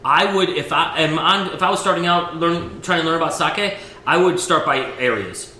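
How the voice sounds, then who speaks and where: A middle-aged man who runs a sake program and used to be a chef, telling animated stories in a casual interview, laughing often and restarting his sentences. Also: fairly high pitch, moderate pace, slight background noise. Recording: roomy echo with faint ambience.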